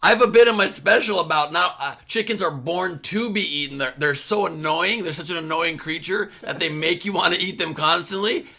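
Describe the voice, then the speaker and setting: A man, a stand-up comedian, joking on a casual online show over a video call with deadpan setups. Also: high voice, fairly quick, gravelly, few pauses.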